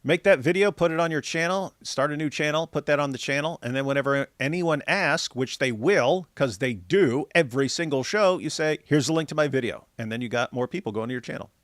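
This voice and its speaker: A man's voice: fairly high pitch, fairly quick, hardly any pauses, fairly bright tone, no echo, studio quality. A man hosting a casual stream, teasing his guest and reading out viewer comments with frequent laughs. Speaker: stream host.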